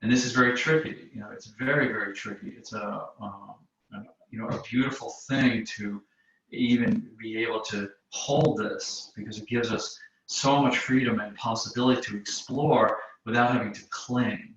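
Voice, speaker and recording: A man teaching a yoga class, talking slowly and thoughtfully and pausing often to restart his sentences. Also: lowish voice, steady tone, a bit bright. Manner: slow, searching, hesitant with many restarts. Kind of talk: reflective spoken teaching. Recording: roomy, distant, dull sound with faint noise.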